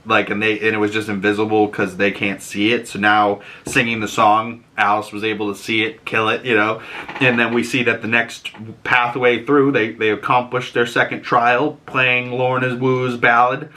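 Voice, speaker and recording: A man's voice: fairly low pitch, flat delivery, moderate pace, sharp tone. A man hosting a casual episode recap, chatty and loose, telling the story with lots of fillers. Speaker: host reviewing a TV episode.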